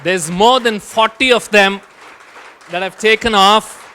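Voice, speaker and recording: Man host, high bright voice, handheld mic, faint crowd behind. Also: unhurried, a little hiss or hum. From India. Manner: calling people forward, coaxing. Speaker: event host. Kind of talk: addressing a gathering.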